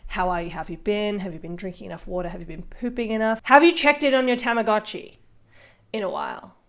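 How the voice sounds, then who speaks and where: A woman with an Australian accent hosting a podcast, playful and theatrical, swinging between loud bursts and soft asides. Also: mid-range voice, expressive, fast talker, creaky. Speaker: podcast host. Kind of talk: casual podcast chat.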